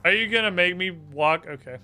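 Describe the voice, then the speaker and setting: A man's voice: high voice, a little fast, pushed and bright, soft background music. A man streaming a video game, cursing and talking sarcastically to himself as he plays. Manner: profane, sarcastic, talks to himself. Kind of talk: live gameplay commentary.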